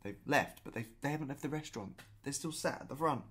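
A man telling a story in a casual vlog, chatty and animated, often repeating himself. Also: mid-range voice, fast, husky. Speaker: vlogger.

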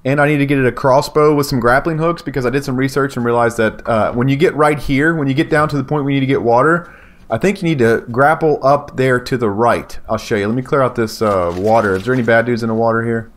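A man giving casual, excitable commentary on his gameplay, talking to viewers and yelping when danger shows up. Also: mid-range voice, fast talker. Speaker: gaming YouTuber.

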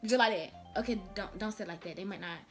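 A woman's voice: medium pitch, fast, over music. Chatty, slangy young woman vlogger. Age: young adult. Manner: chatty, slangy, acts out dialogues. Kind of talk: casual advice vlog.

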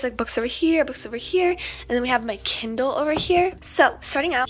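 Teen girl, high-pitched, chatty, lots of fillers, phone recording, casual bookshelf tour. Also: fairly bright tone. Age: teens. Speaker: book vlogger.

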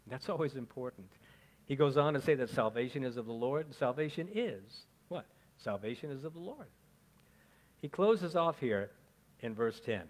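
A man's voice: medium pitch, animated, moderate pace. A male pastor preaching a conversational sermon, often checking in with "okay?" and asking the congregation questions. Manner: chatty, asks the congregation questions, frequent "okay?".

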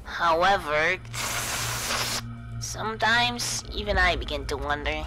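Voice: mid-range voice, expressive, slow pace, music in the background, rough recording. A streamer voicing an old woman recording her reflections on a voyage, read in an earnest, reflective way.

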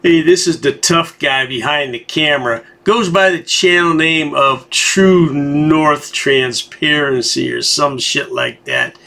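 A man's voice: fairly high pitch, takes it slowly, gravelly, few pauses, bright, forceful tone. A man hosting a commentary channel, giving a sarcastic, taunting voice-over.

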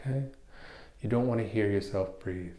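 Calm low-voiced man guiding meditation. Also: normal speed, echoey room. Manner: calm, step-by-step explaining with restarts. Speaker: meditation instructor. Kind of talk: guided meditation instruction.

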